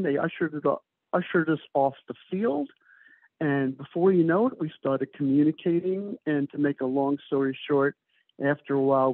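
A man's voice: fairly high pitch, husky, no room sound. A man, the author of a book, telling stories in an interview in a loose, rambling way with many fillers. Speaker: author, guest. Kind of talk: conversational interview storytelling. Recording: tinny phone-like remote call.

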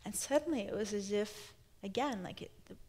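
A woman's voice: medium pitch, a little fast, darkish tone. A woman novelist in her thirties speaking onstage in a live conversation, thoughtful and searching, often restarting her sentences. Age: 30s. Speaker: novelist guest.

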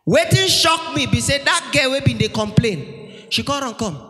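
A man with a Nigerian accent doing stand-up comedy on a church stage, telling stories with animated shouts. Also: very high-pitched, a little fast. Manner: animated storytelling, shouting punchlines, acting out family members. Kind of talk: stand-up comedy in Pidgin-laced English. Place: large church hall stage. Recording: live hall with long reverb and faint music.

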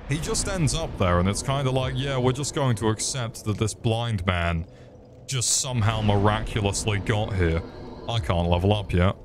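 A man's voice: fairly low pitch, moderate pace, background noise. A young man giving crude, joking commentary while playing a game and talking to the enemies. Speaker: streamer. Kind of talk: gameplay commentary.

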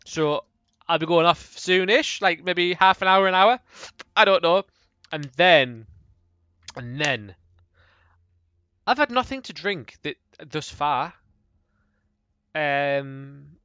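Brit guy streaming games, high voice, swears loads, sings bits of songs, muffled lo-fi sound. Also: big pitch swings, measured pace, pauses often, clear, resonant tone, no echo. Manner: loud outbursts, swearing, sings snatches of pop songs. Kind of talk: casual gaming livestream chatter.

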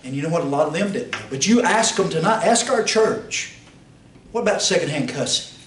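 A man, a pastor teaching a Bible class, preaching with rhetorical questions and sudden shouts. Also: expressive, brisk. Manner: rhetorical questions, pitch swings, rises to shouts. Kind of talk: fiery preaching. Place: church classroom. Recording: roomy, distant mic, faint hiss.

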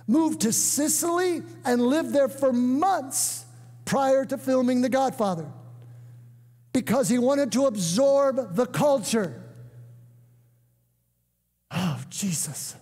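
An older man preaching a sermon, emphatic, breaking into shouts and calling on the congregation to answer. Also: very high voice. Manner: emphatic, bursts into shouts and calls for response. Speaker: guest preacher. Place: church sanctuary. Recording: echoey church hall.

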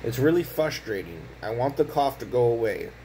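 A worn-out young father speaks in a home vlog, his pitch sitting in the middle of the range. He sounds weary and frustrated and often stumbles over repeated words. A faint hiss runs under his voice. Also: sing-song, a little fast, mellow, rough recording. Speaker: vlogger, father. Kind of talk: casual home vlog talk.

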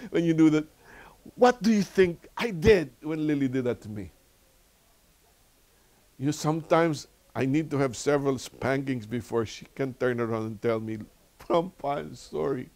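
An older man with a Filipino accent leading a church Bible lesson, telling stories with lively, preacherly repetition. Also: fairly high pitch. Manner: animated storytelling, laughs often. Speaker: Bible study teacher.

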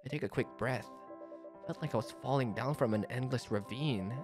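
A man reading a visual novel aloud as a shy, anxious teenage schoolgirl narrator, speaking softly and hesitantly. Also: mid-range voice, moderate pace, music in the background, lightly acted. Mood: subdued. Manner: soft, hesitant, self-doubting.

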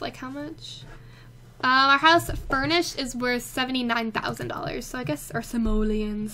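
A young woman with a high, bright voice gives casual, chatty game commentary. She gets excitable and talks straight to the characters on screen. A faint hiss sits under the recording. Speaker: let's play host.

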